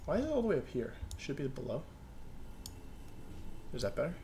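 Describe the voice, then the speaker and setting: A man's voice: mid-range voice, wildly swooping pitch, fairly quick, dark tone, a little hiss or hum. Rambling young man at his desk. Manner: rambling, self-mocking, talks to himself. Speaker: gaming video creator. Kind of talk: casual streaming chatter. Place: home room at a desk.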